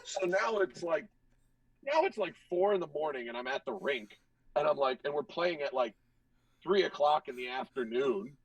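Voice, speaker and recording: Gravelly young man telling a story. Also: a little high, moderate pace, no echo, far from the mic, low-quality recording. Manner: animated, profane, acts out other people's lines. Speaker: hockey goaltender guest. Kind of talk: casual storytelling.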